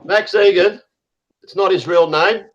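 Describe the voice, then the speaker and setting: A man's voice: high-pitched, unhurried, a bit bright, dull audio. A man hosting a casual online group chat, ranting heatedly and swearing often. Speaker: host.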